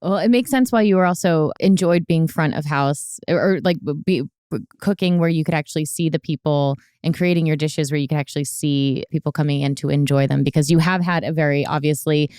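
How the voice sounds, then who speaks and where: A woman's voice: low-pitched, brisk, darkish tone, smooth, dry recording, clean studio sound. A woman hosting a podcast interview, effusive and self-deprecating in casual chat. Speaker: podcast host.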